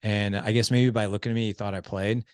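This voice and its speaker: Low-voiced man telling a self-mocking story. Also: fast, smooth, no room sound, studio quality. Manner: animated, self-mocking anecdotes full of "I was like". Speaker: podcast host. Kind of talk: casual storytelling chat.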